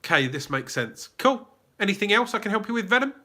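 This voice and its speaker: Bright-voiced chatty English livestream host. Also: male voice, sits high, big pitch swings, quick pace. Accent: southern English. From England. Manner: chatty, reads chat aloud, many fillers and restarts. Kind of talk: casual live Q&A chat.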